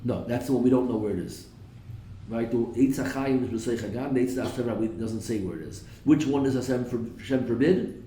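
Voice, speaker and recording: Man, Torah teacher, live class, quotes Hebrew and translates, asks the students questions, mellow tone, echoey room. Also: mid-range voice, brisk, distant mic. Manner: slips in jokes. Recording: echoey room with faint noise.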